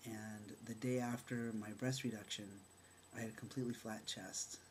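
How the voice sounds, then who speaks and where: A middle-aged man candidly telling a personal story, animated and halting, with fillers and restarts as he acts out remembered dialogue. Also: fairly low pitch, slight background noise. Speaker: storyteller sharing his own experience.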